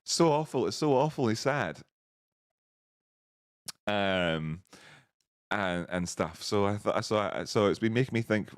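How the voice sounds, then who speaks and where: A man's voice: lowish voice, expressive, moderate pace, no echo, clean studio sound. A man hosting a live stream, chatting casually, laughing often and reading out viewers' messages. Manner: chatty, laughs often, reads chat aloud.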